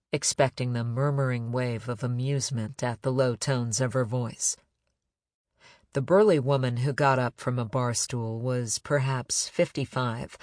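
A man reading a crime novel aloud in measured, even narration. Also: medium pitch, no room sound, studio quality. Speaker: audiobook narrator.

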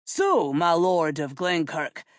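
A woman's voice: low voice, sing-song, takes it slowly, dry recording, clean studio sound, heavily acted. A woman doing a blustering young king. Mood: imperious. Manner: blustering, imperious. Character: King James, commanding young royal man.

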